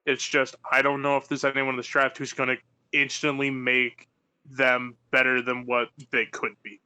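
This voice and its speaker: A man's voice: mid-range voice, level tone, normal speed, pushed and bright, clear, resonant tone, no echo. A man co-hosting a live sports talk show, giving his opinion with careful hedges. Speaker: co-host.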